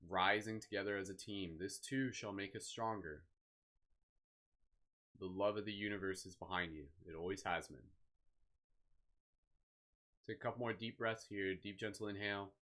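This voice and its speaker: A man leading a live guided meditation, speaking slowly and soothingly with gentle encouragement. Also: fairly low pitch, steady tone. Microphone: live stream microphone.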